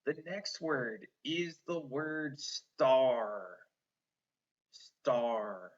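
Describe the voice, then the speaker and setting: A man's voice: mid-range voice, lively intonation, drawn-out words, dull audio. A man teaching a one-on-one spelling lesson, patiently sounding out words letter by letter and encouraging the student.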